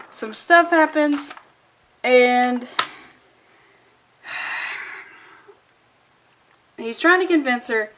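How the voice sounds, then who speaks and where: Snarky high-voiced woman reviewing comics. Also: fairly bright tone. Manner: snarky, exasperated, swears freely; valley-girl phrasing.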